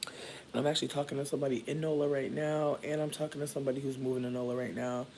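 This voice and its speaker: A man from Michigan chatting casually with viewers while doing his hair, playful and profane, with sudden jumps into high squeals. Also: level tone, fast talker, vocal fry, a little mellow, a little hiss or hum. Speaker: livestreamer.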